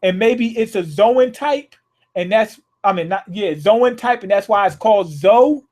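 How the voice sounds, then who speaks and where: High-voiced man swearing through a live reaction. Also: unhurried. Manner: profane, excitable, rereads lines aloud with many restarts. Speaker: manga reaction host.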